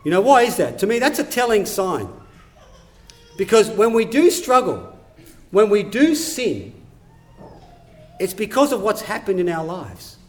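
A man's voice: high voice, very animated, measured pace, long pauses. A man preaching a sermon in an earnest, conversational way that builds to emphatic urgency. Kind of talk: sermon with scripture reading.

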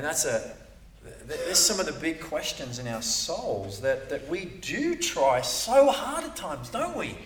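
A man's voice: fairly high pitch, big pitch swings, a little slow, fairly bright tone. A man preaching a sermon in a conversational way, often repeating words and checking in with "right?". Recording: echoey room, voice from a distance.

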